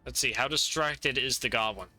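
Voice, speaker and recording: A man with a very bright, forceful voice runs a tabletop game as game master. He narrates the combat in vivid detail and laughs often. The sound is dry and close. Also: mid-range voice, normal speed, dry recording, faint music behind.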